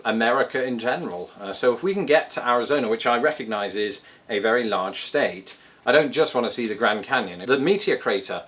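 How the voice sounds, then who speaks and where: British vlogger, jokey and self-mocking, pitch bouncing up and down a lot. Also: male voice, expressive, fairly quick, a bit bright. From Britain. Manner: joking, self-deprecating asides. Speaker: vlogger answering viewer questions. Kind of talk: casual chat to camera.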